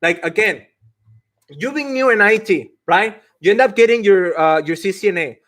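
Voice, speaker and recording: A man's voice: sits high, lively intonation, moderate pace, fairly bright tone. A man coaching people on IT careers during a live stream, emphatic, often laughing and acting out mock quotes.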